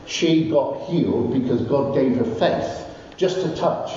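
A man preaching a sermon, telling Bible stories with animated, rising exclamations. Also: mid-range voice, takes it slowly. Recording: distant, roomy, dull recording with faint noise.

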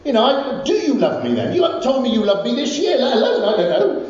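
A man's voice: very high-pitched, big pitch swings, quick pace, darkish tone, pitched above the performer's own voice. A male preacher voicing a wife who insistently teases her husband for never saying he loves her, in an echoey hall. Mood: coaxing. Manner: teasing, insistent. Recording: echoey church hall from far off, dull.

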